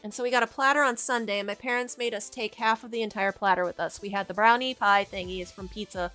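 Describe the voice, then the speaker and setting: A woman's voice: medium pitch, steady tone, fast, pushed and bright, faint music behind. A young adult woman streamer chatting casually to her viewers, giggly and rambling, often restarting her sentences. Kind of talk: casual livestream chat with chat.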